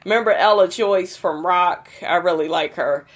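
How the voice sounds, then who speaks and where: A woman's voice: lowish voice, moderate pace. A young woman in a casual vlog, gossiping and swearing as she recaps a reality TV episode for her viewers. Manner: profane, gossipy, addresses viewers as y'all.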